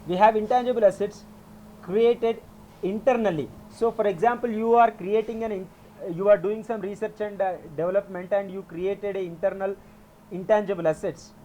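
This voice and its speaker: Brief: man with a high voice, patient teacher who repeats and corrects himself. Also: fairly even intonation, normal speed, warm tone, a little hiss or hum. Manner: explanatory, repeats points, frequent self-corrections. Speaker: accounting teacher. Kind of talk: classroom lecture.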